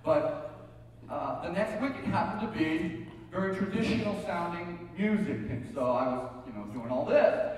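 A man's voice: sits high, expressive, normal speed, a little mellow, a little hiss or hum. A male pastor preaching a sermon, telling folksy stories with joking asides. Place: church sanctuary. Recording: echoey hall from far off.

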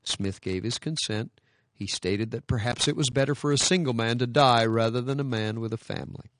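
A man preaching a sermon, reading scripture and telling stories, with dramatic swells to emphatic peaks and sudden drops to a hush. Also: mid-range voice, fairly quick.

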